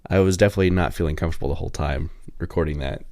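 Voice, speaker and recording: A man co-hosting a podcast in casual chat, relaxed and explaining things at length. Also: deep voice, racing, gravelly, no room sound, clean studio sound. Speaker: podcast co-host.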